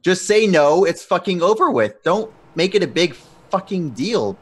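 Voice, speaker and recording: A man's voice: high voice, normal speed, breathy edge. Swearing, laughing young man. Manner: animated, swears a lot, laughs often. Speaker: podcast co-host. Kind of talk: casual gaming chat.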